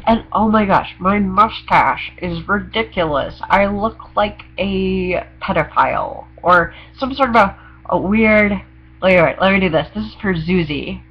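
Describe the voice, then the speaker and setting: On a muffled recording, a young trans vlogger speaks in a high, husky voice, animated yet a bit slow. He talks candidly to the camera, wandering and confessional, with a sarcastic sense of humor.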